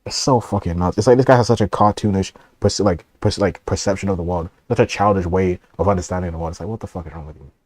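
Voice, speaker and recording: Fast-talking deep-voiced male streamer. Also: darkish tone, no room sound. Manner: rambling, profane, laughs often. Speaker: streamer reacting to a video. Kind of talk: casual reaction stream.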